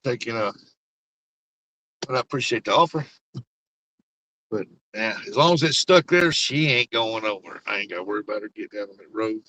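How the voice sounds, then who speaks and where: An older man with a lowish, sharp voice livestreams from inside his car as he drives on icy roads, speaking fairly quickly but with long pauses. The recording is rough with slight background noise. Folksy and rambling, he teases his passengers and talks to his chat.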